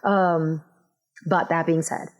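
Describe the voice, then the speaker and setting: A woman's voice: low voice, fairly even intonation. A woman in her thirties hosting a podcast, chatting casually and wandering off into tangents. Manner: chatty, rambling, quick tangents. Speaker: podcast host and chiropractor.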